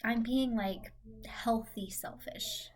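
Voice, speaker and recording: A woman's voice: fairly high pitch, steady tone, slow. A young woman giving a casual vlog update, rambling and correcting herself as she goes, laughing at her own slips. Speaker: vlogger and teacher. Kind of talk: casual chat.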